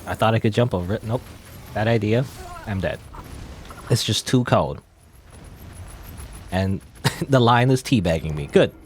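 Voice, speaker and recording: A man's voice: on the low side, expressive, measured pace, long pauses, a little mellow, a little hiss or hum. A man casually commenting while playing a game, musing aloud and joking at his own expense. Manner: rambling, musing aloud with self-deprecating jokes. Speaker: let's play host.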